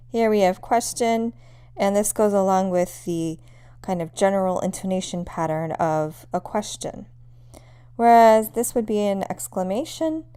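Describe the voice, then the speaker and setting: A young adult woman teaching a language lesson, speaking in a clear, measured way and saying example sentences slowly. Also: medium pitch, mellow, dry recording. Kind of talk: scripted lesson narration.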